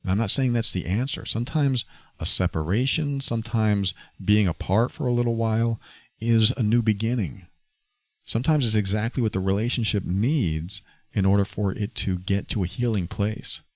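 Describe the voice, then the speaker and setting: A man's voice: on the low side, moderate pace, dry recording. A man hosting a podcast, talking earnestly and confessionally about his own experience. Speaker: podcast host. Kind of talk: personal reflective monologue.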